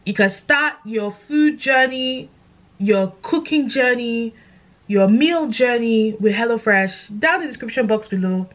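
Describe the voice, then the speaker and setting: Excitable young woman with a London accent. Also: measured pace. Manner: excitable, gushing, animated swings in pitch. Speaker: content creator. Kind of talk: casual vlog chat.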